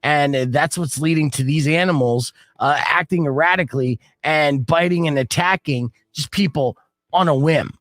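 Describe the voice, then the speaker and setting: A man's voice: fairly high pitch, normal speed, no echo. A middle-aged man hosting a radio show, telling stories with casual banter and dry punchlines into a studio mic. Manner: lively, jokey storytelling with dry punchlines. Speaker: radio and stream host.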